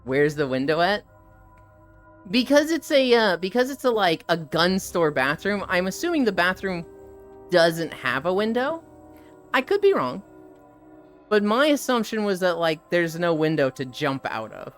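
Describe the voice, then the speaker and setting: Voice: medium pitch, big pitch swings, a little slow, soft background music. A live streamer walking while chatting casually, retelling funny stories with lots of laughter and swearing, and acting out the people in them. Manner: laughs often, swears, acts out quoted voices.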